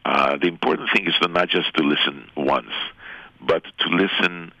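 Older man, very deep gravelly voice on a phone call. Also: pushed and bright, dry recording. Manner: chuckling, unhurried, advice with restarts. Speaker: guest violinist on a phone call. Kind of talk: casual phone conversation. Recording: phone line.

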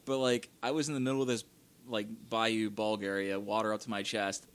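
A young man co-hosting a casual chat, relaxed and rambling with many fillers. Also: lowish voice, fairly quick, clean tone. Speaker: podcast co-host. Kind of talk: casual chat about a video game.

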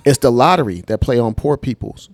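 A man's voice: medium pitch, lively intonation, brisk, no echo. Blunt, slangy man venting on a podcast. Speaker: podcast co-host. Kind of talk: casual podcast chat.

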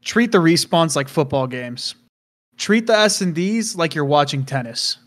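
High-voiced emphatic male podcaster. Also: expressive, a little slow. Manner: emphatic, preachy, swears. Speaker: podcast co-host. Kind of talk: casual esports podcast chat.

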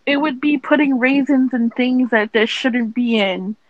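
A woman's voice: high voice, measured pace, no room sound, lo-fi sound. A woman co-hosting a podcast, adding wry, sarcastic quips to a casual chat. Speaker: podcast co-host.

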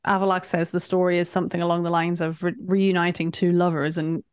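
A woman's voice: lowish voice, flat delivery, fast talker, clean tone, dry recording, studio quality. A woman co-hosting a podcast, recapping a game in casual, chatty talk, often laughing. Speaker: podcast co-host.

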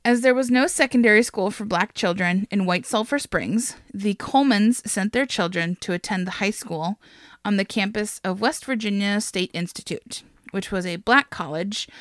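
A woman's voice: mid-range voice, moderate pace, no room sound, clean studio sound. A woman hosting a casual chat podcast, retelling a history story with frequent laughs and casual swearing.

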